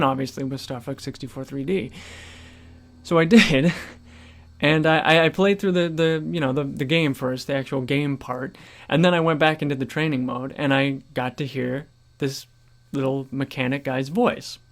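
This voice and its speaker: A gaming vlogger ranting at home in disbelief, swearing often and breaking into laughter, recorded on a USB condenser mic without a pop filter. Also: medium pitch. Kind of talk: home commentary rant.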